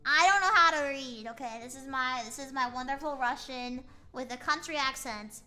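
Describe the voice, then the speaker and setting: High, bright playful woman streamer. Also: normal speed. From United States. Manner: playful, rambling, self-mocking. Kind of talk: casual live-stream chat.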